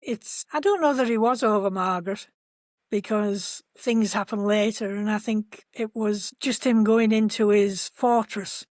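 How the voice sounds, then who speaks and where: A woman talks through a show's episode with a co-host, in a gentle and measured voice at an everyday pitch. The sound is dry and close, with no room around it. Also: dry recording. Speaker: podcast co-host. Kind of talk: casual chat.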